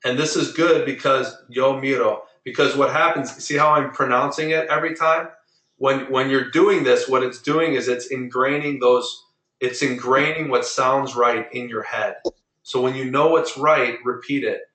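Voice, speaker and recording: Patient male Spanish teacher, bright voice. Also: medium pitch, fairly even intonation, echoey room, rough recording. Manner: patient, drills pronunciation slowly. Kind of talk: online class lesson. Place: online video meeting.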